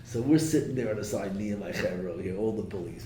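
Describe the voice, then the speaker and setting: A man's voice: lowish voice, fast, hardly any pauses, noisy background. A man giving a Torah class as a rabbi. He keeps quizzing his listeners and mixes Hebrew and Yiddish terms into his English. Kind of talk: lively Torah class lecture. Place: classroom or study hall with a live audience. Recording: echoey room, mic at a distance.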